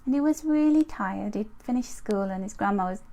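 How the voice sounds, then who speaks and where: A middle-aged woman giving a chatty live angel card reading, greeting viewers by name with animated asides. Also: medium pitch, fairly quick.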